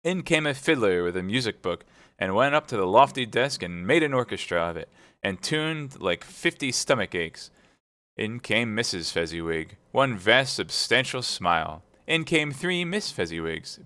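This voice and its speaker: A man reading a classic novel aloud at speedrun pace, brisk and steady. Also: fairly low pitch, no room sound. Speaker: reader.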